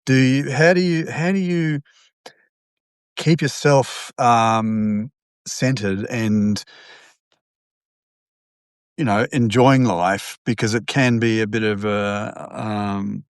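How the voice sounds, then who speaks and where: A man's voice: medium pitch, fairly even intonation, slow pace, long pauses, smooth, no room sound. A male podcast host asks his guest a question. He feels his way through it with ums and restarts. His voice sits in a middle range and is recorded dry. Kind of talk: podcast interview.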